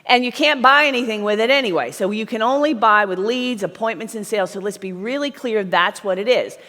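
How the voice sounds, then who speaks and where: A middle-aged woman gives a live sales seminar in a blunt, emphatic way, often turning to the crowd with a quick "right?". Her voice sits in a mid range, and it rings with the long reverb of a large hall. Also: mid-range voice, pushed and bright. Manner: blunt, emphatic, talks to the audience with frequent "right?". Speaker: sales trainer speaking at a conference.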